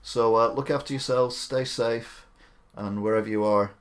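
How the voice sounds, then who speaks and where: A man's voice: medium pitch, steady tone, normal speed. A man hosting a live stream, giving chatty, opinionated commentary with rambling asides.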